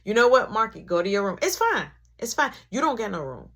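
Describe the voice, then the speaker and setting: A man's voice: sits high, very animated, a little fast, heavily acted. A young man voicing his strict, angry mother as she scolds her sons during a storytime. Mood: stern. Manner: sharp, scolding, preachy.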